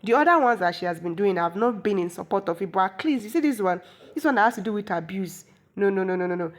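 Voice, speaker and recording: A woman's voice: mid-range voice, lively intonation, quick pace. A woman, chatty and opinionated, recapping a movie and explaining local words. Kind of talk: casual movie recap commentary.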